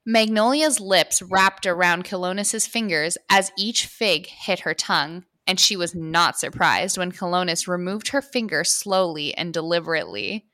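A woman's voice: on the low side, normal speed, hardly any pauses, bright, forceful tone, no echo. A woman hosting a podcast, reading erotic fiction aloud and laughing amusedly between passages. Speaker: podcast host and story reader.

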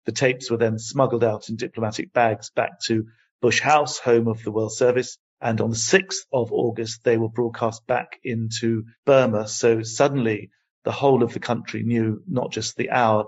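An older man answering interview questions as a guest, telling his story in a passionate, emphatic and measured way. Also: mid-range voice, little pitch movement, husky. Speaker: guest, human rights advocate. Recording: dull lo-fi audio.

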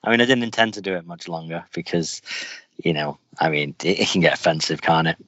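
A man's voice: low voice, a little fast, a bit bright, no echo. A man hosting a podcast, chatting casually and rambling through stories with restarts. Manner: rambling, storytelling with many restarts. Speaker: podcast host. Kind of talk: casual chat. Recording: dull lo-fi, faint music.

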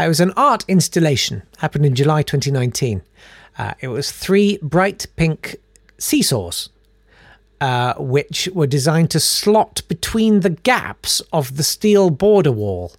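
A man's voice: medium pitch, dry recording. Guy hosting a rambly news chat, sarky, loads of uhs, very dry close mic. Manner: sarcastic, rambling, full of fillers. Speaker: host.

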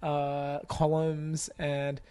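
A man's voice: fairly high pitch, monotone, very slow, mellow, clean tone. A man co-hosting a podcast in casual chat, joking and laughing often. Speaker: podcast co-host.

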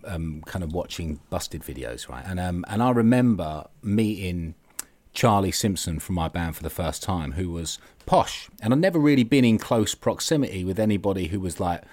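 A man with a South London accent talks through a casual podcast chat, his low voice rising and falling a lot as he tells his story. He swears freely and leans on likes and ums between thoughts. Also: expressive, normal speed, a little mellow, no room sound. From England. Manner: chatty, swears freely, many fillers. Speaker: guest.

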